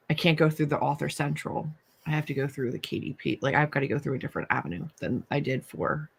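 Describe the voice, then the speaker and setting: A woman's voice: low-pitched, creaky, breathy edge. A young woman hosting a casual writing livestream, chatting and reading viewer comments aloud. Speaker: livestream host.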